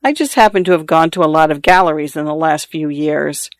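A man reading the lines of a patient young wife, in a soft, gentle, coaxing way. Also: fairly high pitch, a little fast, no echo, clean studio sound, close to an everyday voice.

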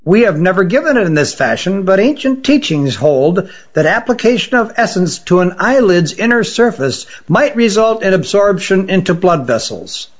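A man reading a story, voicing a grave male distiller who speaks in measured, solemn tones. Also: high-pitched, sing-song, dull audio, pitched above the performer's own voice. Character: grave, severe male distiller, usually melodious.

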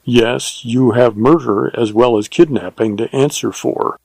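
A man's voice: mid-range voice, unhurried, creaky, a little mellow, slightly rough, no echo. A man playing a cool, terse Texas Ranger in a read-aloud western.

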